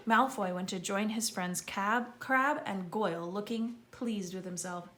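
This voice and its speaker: An audiobook reader, a woman, reads a children's story aloud in a lively way, calling out names loudly and with gusto. She has a medium-pitched voice and keeps a measured pace.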